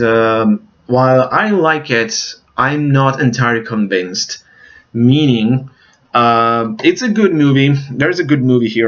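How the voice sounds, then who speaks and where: A man's voice: mid-range voice, fairly bright tone. Rambling man reviewing films, lo-fi. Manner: rambling, searches for names, many fillers. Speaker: movie reviewer. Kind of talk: casual movie review.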